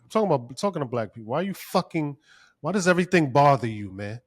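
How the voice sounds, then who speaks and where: A man's voice: on the high side, sing-song, fast. A man co-hosting a podcast, talking casually and ranting profanely, his voice climbing when he gets worked up. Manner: profane, heated rant. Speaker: podcast co-host.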